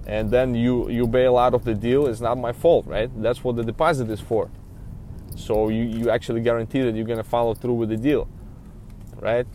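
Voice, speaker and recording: A man who deals used cars tells a loose, rambling story in a medium-pitched, darkish voice, with a little hiss or hum audible. He sounds frustrated and leans constantly on "you know."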